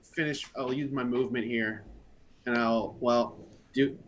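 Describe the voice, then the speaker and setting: A man's voice: medium pitch, steady tone. A man playing a tabletop game with friends, talking casually, swearing and laughing at his rolls. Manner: casual and profane, quick to laugh. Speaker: player.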